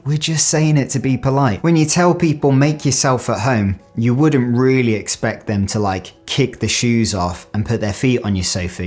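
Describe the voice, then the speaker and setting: A young British man from the UK chatting casually to camera in a vlog, animated and full of "like" fillers. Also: lowish voice. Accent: British English. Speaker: vlogger.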